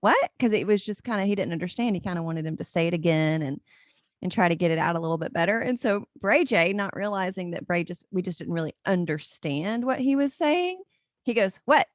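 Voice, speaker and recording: A woman's voice: on the low side, animated, a little fast, dry recording, clean studio sound. A woman, chatting casually as a podcast host and telling family stories with frequent laughter. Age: 40s. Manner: chatty and storytelling, laughing often. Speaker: podcast host, life coach. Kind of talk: casual solo podcast chat.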